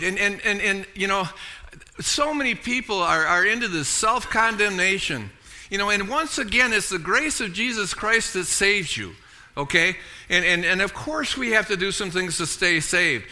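A man's voice: high-pitched, animated, normal speed, bright, forceful tone. A middle-aged man preaching a sermon, emphatic, often repeating and restarting words and calling for amens. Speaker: pastor.

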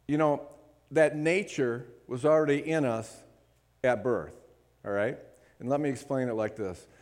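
A man preaches a sermon with a somewhat high voice. He keeps checking in with the congregation and moves from loud, emphatic lines to hushed asides. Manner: call-and-response preaching, checks in with listeners. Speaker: pastor.

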